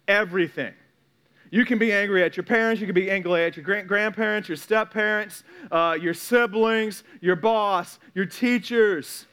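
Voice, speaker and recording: A pastor delivers a sermon in a high, light voice. He talks to the congregation candidly and conversationally, often stumbling into quick repeated restarts before landing his point. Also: pushed and bright, clear, resonant tone.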